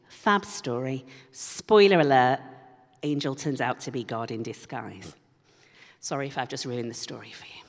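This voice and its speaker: A woman preaching a sermon in a church, with humorous conversational asides. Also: fairly low pitch. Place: church hall. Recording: long hall reverb.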